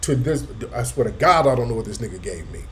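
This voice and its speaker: A man hosting a casual live talk, telling a story with animated emphasis and street slang. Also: mid-range voice, fast talker, a little hiss or hum. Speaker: host. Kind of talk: casual livestream chat.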